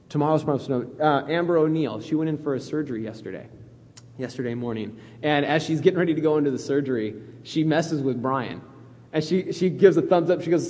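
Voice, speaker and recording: A man's voice: fairly high pitch, a little mellow, in a large hall. A male pastor preaching a conversational sermon, acting out quoted voices as he goes.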